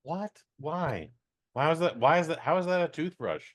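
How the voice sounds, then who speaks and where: A man's voice: fairly high pitch, animated, moderate pace, no room sound. A man co-hosting a casual podcast, dry-humored and incredulous, playing devil's advocate. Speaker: podcast co-host.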